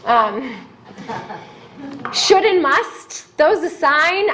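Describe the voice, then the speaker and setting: A middle-aged woman teaching a board governance class in a chatty, conversational way with lively asides. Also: high voice, extremely slow, pauses often. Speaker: governance trainer. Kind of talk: classroom lecture. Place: meeting room.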